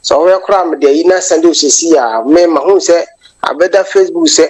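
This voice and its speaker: A woman's voice: low-pitched, fairly quick, a little mellow, slight background noise, low-quality recording. A Ghanaian woman calling in to a radio show, delivering a long impassioned monologue that switches between English and Twi. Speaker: caller. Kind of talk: phone-in political commentary.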